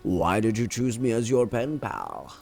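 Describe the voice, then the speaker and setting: A man's voice: fairly low pitch, wildly swooping pitch, measured pace, gravelly, darkish tone, faint music behind, exaggerated voice. A man reading out the lines of a wary, puzzled male prepper who used to be an engineer.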